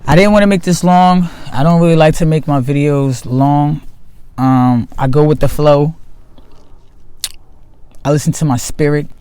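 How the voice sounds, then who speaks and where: A man giving a slow, emphatic spiritual monologue to his viewers, repeating key phrases for weight. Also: a little high, fairly even intonation, warm tone, smooth, no room sound. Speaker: spiritual video host.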